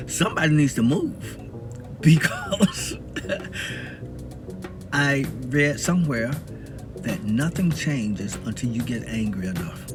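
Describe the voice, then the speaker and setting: A man's voice: medium pitch, lively intonation, slow, pauses often, over music. A man from the Southern US talking to camera in a casual, preaching monologue and laughing often between points. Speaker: video blogger.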